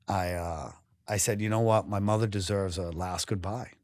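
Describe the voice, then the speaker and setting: A man's voice: low-pitched, steady tone, a little slow, a little mellow, no echo, studio quality. A man from New England, a guest on a podcast, telling his story candidly and emotionally, swearing freely and often breaking off and restarting.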